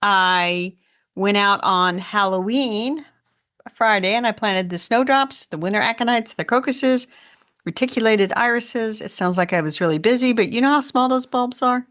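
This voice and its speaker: A woman from Indiana co-hosting a casual gardening podcast, telling stories in a chatty, animated way. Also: medium pitch, moderate pace. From Indiana, USA. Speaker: podcast co-host.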